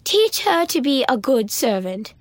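A woman's voice: high voice, sing-song, a little slow, no echo. A woman voicing a pompous, greedy stepmother who gives haughty commands in a storybook reading.

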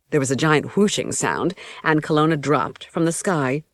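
A woman with a low voice reads a first-person novel in an even storytelling manner. The sound is dry and close to the mic. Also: normal speed, few pauses, no echo. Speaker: audiobook narrator. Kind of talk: first-person audiobook narration.

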